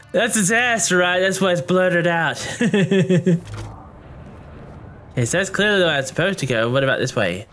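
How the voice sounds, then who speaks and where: A man's voice: high-pitched, animated, unhurried, long pauses, a little hiss or hum. A man giving joking, exclamatory commentary while playing a video game. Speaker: gameplay streamer. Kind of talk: let's play commentary. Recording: voice over loud game music.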